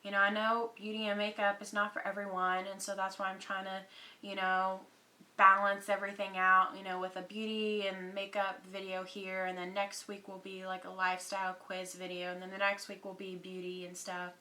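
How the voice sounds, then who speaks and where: A woman's voice: medium pitch, completely flat delivery, normal speed, pushed and bright, rough recording. A young woman from Texas with a Texan accent, chatting casually to her viewers with lots of ums and y'alls. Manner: chatty, many fillers, says y'all. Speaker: beauty YouTuber. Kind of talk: casual chat to camera.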